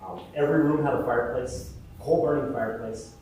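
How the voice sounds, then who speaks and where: A man's voice: medium pitch, brisk, darkish tone, a little hiss or hum. Man giving a eulogy in an echoey hall. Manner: hesitant and fond, with many fillers. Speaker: eulogy speaker. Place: large funeral hall. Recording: echoey hall, mic far off.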